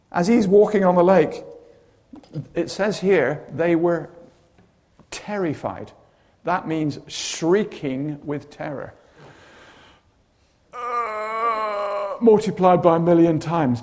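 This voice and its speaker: A man's voice: fairly high pitch, takes it slowly. A man preaching a sermon, telling stories with dramatic flair and humorous asides. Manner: animated storytelling with humorous asides.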